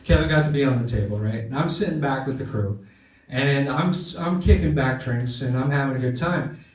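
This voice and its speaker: A man's voice: mid-range voice, fairly quick, very echoey, far from the mic, rough recording. A man doing a stand-up comedy set, telling a crude story and checking in with "right?" along the way. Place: comedy club stage.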